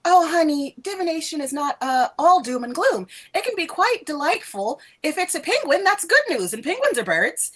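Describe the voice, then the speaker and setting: A woman voicing a ditzy female divination professor with a high, airheaded voice, chirpy and dismissive of trouble. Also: big pitch swings, normal speed, few pauses, a bit bright. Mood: sugary. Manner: sweetly chirpy, brushing off trouble.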